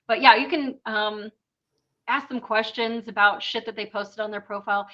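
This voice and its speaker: A woman's voice: on the high side, little pitch movement, moderate pace, highs cut off. A woman co-hosting a podcast, chatting casually and sarcastically with many fillers. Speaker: podcast co-host. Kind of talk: casual chat.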